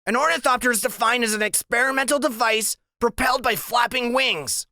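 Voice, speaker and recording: A very small, brainy boy who lectures in precise, dictionary-perfect words. The voice sits far above the reader's own and rings bright and a bit strained, with a grand, mock-formal lilt. It is an audiobook character voice in a dry studio sound. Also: very high voice, a little fast, dry recording, pitched above the performer's own voice, exaggerated voice. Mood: lofty, show-off.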